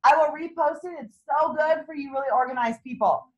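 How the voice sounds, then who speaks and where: High-voiced, bubbly woman pepping up her team. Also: brisk, darkish tone, dull audio. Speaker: team leader running a sales meeting. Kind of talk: motivational talk to a group. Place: meeting room with a small group.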